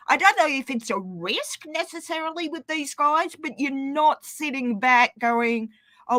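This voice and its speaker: A woman calls in to a livestream and chats casually. Her voice is slightly high, she hesitates often with fillers, and the sound is dry. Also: pushed and bright, no room sound. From Australia. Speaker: caller on a livestream. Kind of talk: casual chat.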